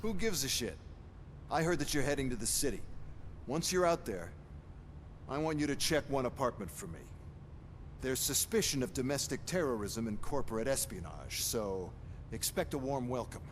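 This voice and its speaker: A rude corporate agent, played by a man who talks down to everyone in a crude, dismissive way. His voice is mid-pitched and carries a long reverb. It comes from a video game with faint rumble. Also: animated, moderate pace, close to an everyday voice. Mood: scornful.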